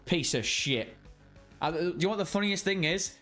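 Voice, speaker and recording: A rowdy man with a slightly raised voice hosts a casual livestream, cracking jokes and swearing freely as he reads out viewers' names. Soft music plays faintly behind him. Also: sits high, lively intonation, normal speed. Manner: rowdy, jokey, swears a lot; greets chat members by name. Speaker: livestream host. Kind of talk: casual live stream chat.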